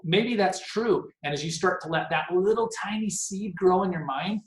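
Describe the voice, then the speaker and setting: A man in his forties leads a team meeting over a video call, talking in an animated, rambling way with a self-deprecating edge. His voice sits a little high and jumps around a lot in pitch. The call sounds roomy and echoey. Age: 40s. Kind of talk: casual motivational talk on a video call.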